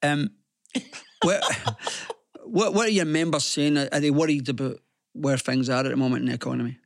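A middle-aged male radio host with a gravelly voice in a mid range. He talks casually, teasing and direct. The recording is dry and close. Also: a little high, moderate pace, dry recording. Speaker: radio show host, businessman.

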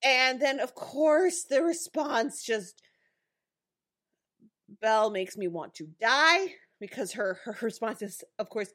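Female podcast co-host, slightly high-pitched, chatty and laughing, casual episode recap. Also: slow pace. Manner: animated, laughs often, acts out characters' lines.

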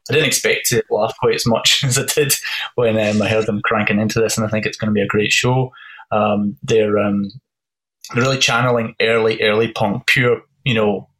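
A man co-hosting a music podcast, talking casually with many ums and pauses. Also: fairly low pitch, fairly even intonation, fairly bright tone, poor audio. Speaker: podcast co-host.

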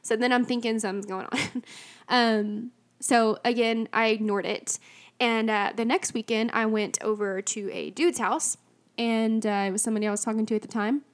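A woman's voice: fairly high pitch, steady tone, normal speed. A young adult woman telling a personal faith story in a chatty, candid way, full of fillers and restarts. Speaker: speaker sharing a personal faith testimony.

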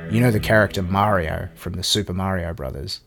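A man's voice: low-pitched, fairly quick, creaky, over music. A man co-hosting a podcast in casual chat, sweary and laughing, often trailing off into mutters. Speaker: podcast co-host.

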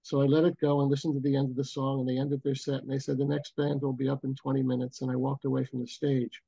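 An older man, a booking agent, telling a personal story in an interview in an unhurried, reflective way with many pauses, over a video call from home. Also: medium pitch, level tone, gravelly, warm tone, breathy edge, no echo, rough recording. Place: home, bridge view behind.

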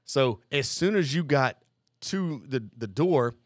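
A man of medium pitch with lively intonation talks slowly about his days as a Marine recruit, appearing as a podcast guest. The storytelling is casual, rambling and profane, captured in clean studio sound with no echo.

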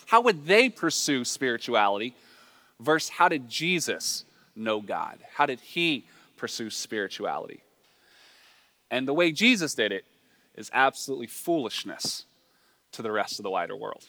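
A man, a pastor, preaching a sermon in a lively, joking, conversational way. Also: medium pitch. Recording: long reverb in a large hall.

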